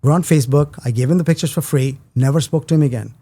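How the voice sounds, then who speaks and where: A man's voice: fairly high pitch, quick pace, dark tone. A middle-aged man, a film producer and director, telling a long story in casual chat and acting out the dialogue of the people in it.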